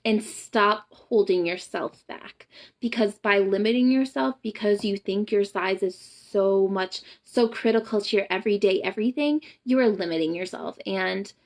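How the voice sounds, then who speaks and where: A young adult woman with a Southern US accent and a raised voice with a gravelly, fry-laced edge. She talks straight to camera on a live stream, blunt and profane, piling up emphatic questions and rants as she cheers her viewers on. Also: on the high side. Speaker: boudoir photographer and empowerment coach. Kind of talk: casual live-stream pep talk.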